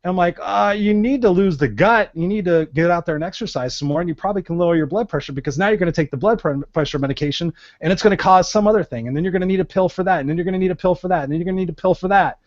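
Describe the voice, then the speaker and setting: A man co-hosting a casual panel talk, telling stories in an animated way and acting out the quotes. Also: sits high, very fast, hardly any pauses, dry recording. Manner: animated storyteller, acts out quotes. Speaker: co-host. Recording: dull lo-fi web-show audio.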